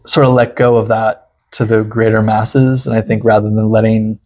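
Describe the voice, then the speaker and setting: A man's voice: on the low side, little pitch movement, normal speed, a little mellow. A man speaking as a guest in a casual interview conversation, chatty and full of fillers like "you know". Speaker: guest priest and teacher.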